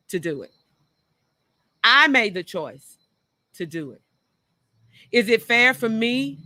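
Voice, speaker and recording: A woman's voice: fairly high pitch, sharp tone, no room sound. A middle-aged woman hosting a talk show, speaking frankly and earnestly about her own past and repeating phrases for emphasis. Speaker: show host. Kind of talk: reflective personal talk.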